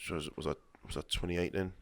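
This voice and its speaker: This former footballer, a man in his late thirties guesting on a podcast, has a deep voice with a steady tone and talks fast. He tells rambling stories conversationally, restarting as he goes and acting out quoted dialogue.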